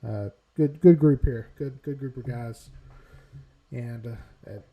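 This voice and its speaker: A man's voice: mid-range voice, slow pace, lo-fi sound. A man hosting a casual sports podcast, upbeat and laughing often as he banters. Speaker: podcast host.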